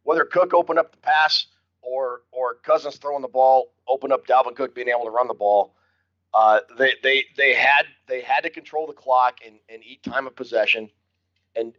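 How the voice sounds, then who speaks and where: Older man, jovial, bright voice, repeats words, casual sports chat, dull lo-fi audio. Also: medium pitch. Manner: jovial, repeats words when starting a thought. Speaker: podcast co-host.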